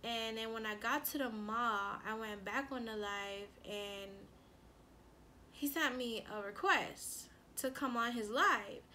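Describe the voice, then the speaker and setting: Bright-voiced woman telling a story. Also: fairly high pitch, slow, slight background noise. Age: adult with a son. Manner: animated, lots of "like" and quoted self-talk. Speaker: relationship coach and vlogger. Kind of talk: casual storytime chat.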